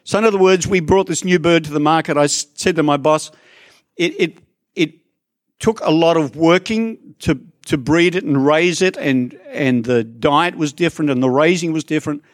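A man preaches a sermon to his congregation in a church. His voice sits a bit high for a man and sounds dry and close to the mic. He keeps it conversational, with asides to people in the pews. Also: moderate pace, no echo. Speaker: pastor.

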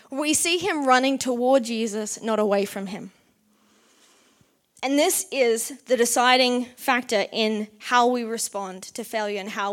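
A young woman preaching a sermon, mixing a personal story with scripture in an earnest, conversational way. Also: a little high. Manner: earnest, conversational, with bursts of excited animation.

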